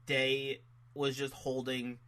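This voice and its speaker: Animated young man with a bright voice. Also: mid-range voice, slow. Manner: animated, acts out moments with quoted voices. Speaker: podcast co-host. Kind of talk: casual chat reviewing wrestling matches.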